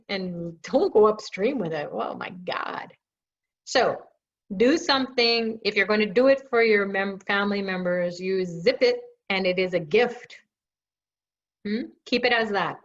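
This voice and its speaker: Answering viewers' questions on a live stream, this host is talkative and comforting, often making self-deprecating jokes. She speaks unhurriedly at medium pitch, and the recording is dull lo-fi stream audio.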